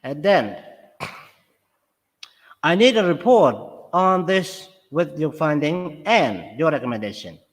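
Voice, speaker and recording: Guy teaching english, reads out example lines then explains, kinda high voice, lots of ups and downs. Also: big pitch swings, takes it slowly, long pauses. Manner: reads example sentences aloud then explains stress in Khmer. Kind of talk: classroom lesson mixing English and Khmer. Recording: long reverb in the room.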